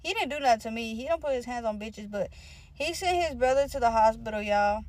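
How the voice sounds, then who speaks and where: Profane, rambling young woman, slightly high voice. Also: animated, brisk, a little mellow, no echo. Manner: profane, slangy, rambling with many "like" fillers. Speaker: vlogger telling a personal story. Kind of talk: casual storytime.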